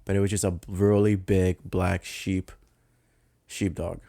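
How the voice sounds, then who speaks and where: A young man with a New York accent, telling a camping story as a podcast host in a loose, profane, animated way, laughing often. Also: low-pitched, unhurried, gravelly, dry recording, clean studio sound. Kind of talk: casual storytelling monologue.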